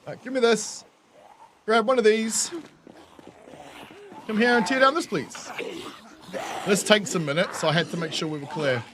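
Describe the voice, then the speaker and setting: A New Zealand man talks over his game stream in a high, lively voice, laughing often and swearing freely as he rants to chat. The recording carries a clear layer of background noise. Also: normal speed, pauses often. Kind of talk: casual live-stream chat.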